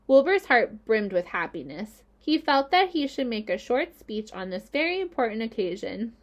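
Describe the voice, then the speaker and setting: A woman reading a children's novel aloud in a gentle storytelling voice. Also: fairly high pitch, big pitch swings, moderate pace. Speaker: reader.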